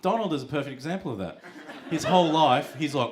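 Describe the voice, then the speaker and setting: A man with an Australian accent doing a stand-up comedy set on a club stage. He swears freely and acts out characters in quick put-on voices. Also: fairly high pitch. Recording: loud noisy live room with audience laughter.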